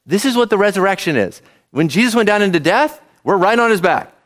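Male pastor, higher voice, animated delivery, chatty sermon to his congregation. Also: fairly quick. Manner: lively, conversational, asks the congregation questions.

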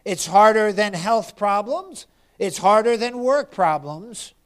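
Man, preacher, high-pitched, impassioned sermon delivery, loud then hushed. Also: animated, takes it slowly. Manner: impassioned preaching, rising to cries then dropping to hushed appeals. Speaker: pastor.

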